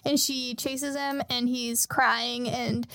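A young woman with a high, bright-pitched voice animatedly retells a story for a podcast, peppering it with swearing and laughter. Her voice is recorded dry and close, with no room echo. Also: moderate pace. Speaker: podcast host retelling an anime arc. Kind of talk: casual podcast chat.

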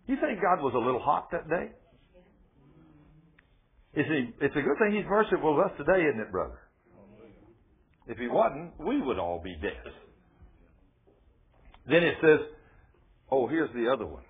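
A folksy preacher who drives his points home with one rhetorical question after another. His voice is fairly high and husky, and it comes through thin and tinny, like a phone-line radio broadcast. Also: very animated, normal speed, long pauses. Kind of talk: sermon.

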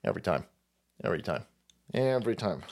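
A man's voice: fairly low pitch, sing-song, quick pace, darkish tone. A man in his forties hosting a livestream, delivering a profane, mocking comedic rant and laughing often. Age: 40s. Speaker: livestream host.

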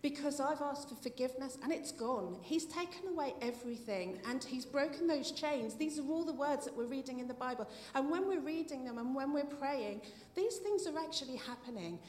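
A middle-aged woman with a high, expressive voice speaks at normal speed, barely pausing, as she gives her heartfelt personal testimony at a church meeting. She is tearful at times and laughs softly. The recording is echoey, from a hall with faint noise.

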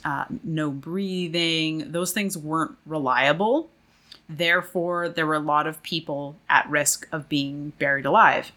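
Low, bright-voiced woman explaining history. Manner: chatty, frequent fillers, occasional laughs. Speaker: podcast co-host presenting research. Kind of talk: casual informative chat.

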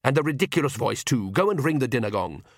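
A man's voice: mid-range voice, big pitch swings, fast talker, no echo. Casting: a man doing a drawling, mocking vampire count, dry close audiobook sound. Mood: imperious. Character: suave aristocratic male vampire count, menacing.

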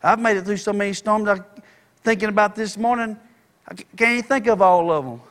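A male pastor delivers a passionate sermon in a high-pitched voice. He swings between conversational asides and rising, shouted exhortation. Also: brisk. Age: adult. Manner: fervent preaching, rising to shouts.

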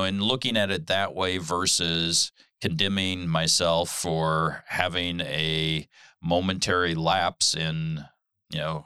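A man co-hosting a casual podcast chat, speaking in a slow, measured, thoughtful way. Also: deep voice, pushed and bright, clear, resonant tone, no echo, clean studio sound. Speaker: podcast co-host.

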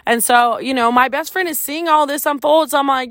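A woman's voice: high-pitched, brisk, a bit bright, no echo, clean studio sound. A woman hosting her own podcast, telling a personal story in a casual, chatty way, filling her talk with "like" and swearing freely. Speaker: podcast host. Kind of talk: candid storytelling monologue.

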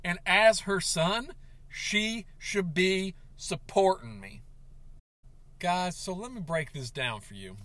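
A man ranting in a comedic confessional vlog, overwrought and tearful, breaking into sobs and shouts. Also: sits high, expressive, slow pace, no echo. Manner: overwrought, sobbing and shouting in bursts. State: tearful, on the verge of crying. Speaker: comedic vlogger.

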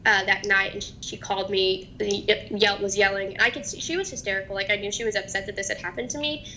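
A young woman telling her own story as a guest in an interview, halting and hesitant, with many restarts. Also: mid-range voice, fairly even intonation, sharp tone, dull audio, slight background noise. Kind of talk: personal testimony in an interview.

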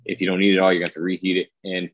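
A man's voice: low voice, rapid-fire, lo-fi sound. A man in his thirties, a military veteran, chatting casually on a podcast and acting out his friends' lines as he tells stories. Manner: animated storytelling, acting out quoted friends. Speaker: rowing team member, Air Force veteran.

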